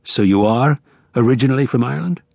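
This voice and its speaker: A man voicing a quiet, guarded young ex-convict who speaks flatly and briefly. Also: fast, gravelly, husky, no echo. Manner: laconic, flat, low-key.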